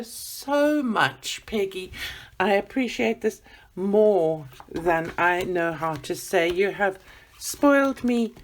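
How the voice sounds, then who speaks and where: Gushing woman vlogger, slow unboxing chat, gravelly tone, lively pitch. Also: a little hiss or hum. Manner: gushing, gasping, exclamatory.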